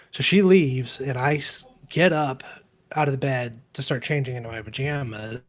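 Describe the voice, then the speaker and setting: A man around forty, co-hosting a relaxed podcast. He tells his story in a loose, rambling way, stops to correct himself, and briefly takes on the voices of people in his story. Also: mid-range voice, brisk. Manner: rambling, self-correcting storyteller who acts out quoted dialogue. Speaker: podcast co-host. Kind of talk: casual storytelling chat.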